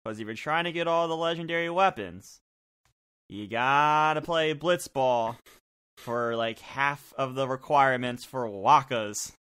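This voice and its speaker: A man co-hosts a casual podcast with a bright voice of middle pitch. He puts forward a pick and then walks through why it fits. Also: a little slow, smooth. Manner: sets up his point, then explains it. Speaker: podcast co-host.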